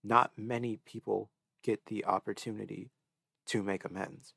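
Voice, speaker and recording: A man's voice: on the low side, fairly even intonation, moderate pace, vocal fry, a bit bright, husky, dry recording, clean studio sound. A man in his twenties chatting earnestly on a podcast, sniffly and stuffed-up as if from crying. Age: 20s. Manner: earnest, emotional, reflective. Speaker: podcast co-host. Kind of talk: casual chat.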